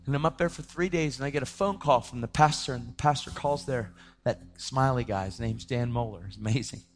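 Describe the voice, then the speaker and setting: A young adult man telling a personal testimony in a casual way, often saying "man", his voice rising to shouts at the most intense moments. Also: mid-range voice, a little fast. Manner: casual, says "man" and "dude" a lot. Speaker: speaker sharing his testimony.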